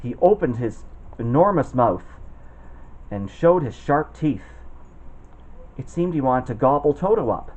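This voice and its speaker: Guy reading a kids storybook out loud, bouncy up and down voice, kinda muffled lo-fi recording. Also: mid-range voice, measured pace, pauses often. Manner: expressive, puts on voices for the characters. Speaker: storybook reader. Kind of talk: reading a children's storybook aloud.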